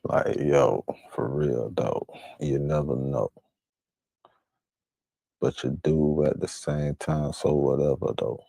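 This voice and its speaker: A man with a very deep, dark voice gives profane, blunt reactions in street slang. He sounds dry and close, with no room around him. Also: steady tone, takes it slowly, gravelly, no echo. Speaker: reaction streamer. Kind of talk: casual profane commentary.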